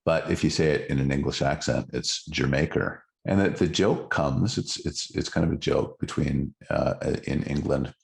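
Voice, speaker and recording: A middle-aged man with an extremely low, gravelly voice co-hosts a casual music podcast. He talks in an animated, storytelling way, full of restarts and asides. He has plenty of trivia and clearly enjoys sharing it. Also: moderate pace, hardly any pauses. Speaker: podcast co-host.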